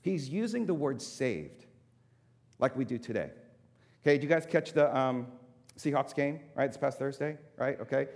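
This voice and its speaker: A man's voice: medium pitch, big pitch swings, moderate pace, a little mellow. Man preaching with emphatic repetition. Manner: emphatic repetition, conversational asides to congregation. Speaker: pastor. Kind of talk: sermon. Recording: long hall reverb.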